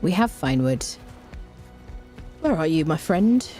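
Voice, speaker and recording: Playful woman streamer, lively pitch. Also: takes it slowly, faint music behind. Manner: chatty and playful, hums tunes while playing. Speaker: gaming streamer. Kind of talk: casual let's-play commentary.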